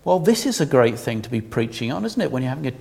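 A man's voice: mid-range voice, expressive, fast talker, gravelly, a little mellow. A man preaching a sermon in a conversational, humorous way, asking his congregation questions.

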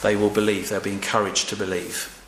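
In a lowish, level voice with a fairly bright tone, an older preacher speaks fairly quickly. His sermon is relaxed and conversational, full of fillers and prompts for listeners to reply, recorded in an echoey room with faint ambient noise.

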